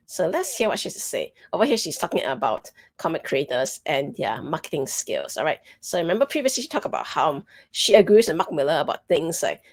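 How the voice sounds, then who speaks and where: A woman co-hosting a commentary show who sets up clips and rebuts them sarcastically. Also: low voice. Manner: sarcastic, pointed setup of clips. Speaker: commentary co-host. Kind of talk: opinionated commentary.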